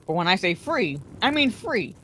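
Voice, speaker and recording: A woman's voice: mid-range voice, very animated, normal speed, pushed and bright, breathy edge, heavily acted. A woman reading aloud, voicing an old male wizard who speaks sternly and with authority. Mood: calm. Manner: stern and commanding.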